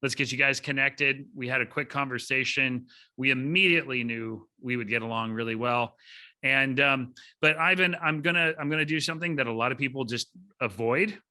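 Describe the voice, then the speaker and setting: A man's voice: medium pitch, a little fast. A man hosting a podcast interview, chatty and upbeat in a casual conversational style. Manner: upbeat, chatty, lively delivery. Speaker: podcast host.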